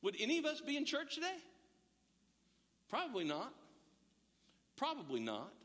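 A man's voice: very high voice, huge pitch swings, moderate pace, a bit bright, long reverb tail. A male pastor preaching an emphatic, streamed sermon, full of rhetorical questions and stammered restarts. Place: church, large hall, streamed.

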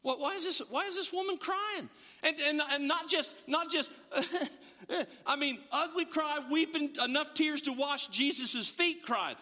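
A man preaching a sermon as pastor, animated and acting out his listeners' voices. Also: very high-pitched, normal speed, in a large hall.

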